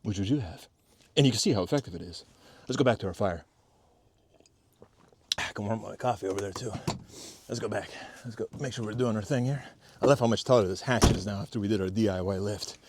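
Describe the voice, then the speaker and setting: A man with a lowish voice talks loosely and swears freely while he works a fire outdoors, explaining each step as he goes. He pokes fun at himself and sounds a little stuffy from a cold. The camera mic picks up faint background noise. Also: fast. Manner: chatty, profane, self-mocking, explains as he works. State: has a cold. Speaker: DIY homestead vlogger. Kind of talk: casual outdoor tutorial vlog. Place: outdoors at a fire pit in a valley.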